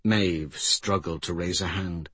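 A man narrating a fantasy story in a measured, grave manner. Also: low voice, fairly even intonation, a bit bright, husky, no echo. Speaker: audiobook narrator.

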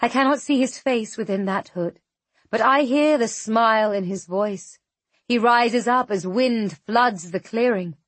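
A woman narrating a fantasy audiobook in the first person, measured and tense. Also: on the high side, fairly bright tone, dry recording.

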